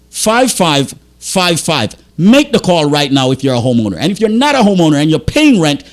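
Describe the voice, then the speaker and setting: A man on a studio microphone hosts a radio show in a high, swooping voice, and his pitch leaps as he pleads with the audience. He sounds agitated and pumped up, stumbling over his words as he pushes them to act. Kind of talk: impassioned radio sales talk.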